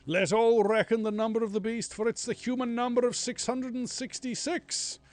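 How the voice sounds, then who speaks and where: A man putting on a mock Scottish accent to play a loud, theatrical male prophet of doom. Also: very high voice, level tone, normal speed, pitched above the performer's own voice. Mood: proclaiming.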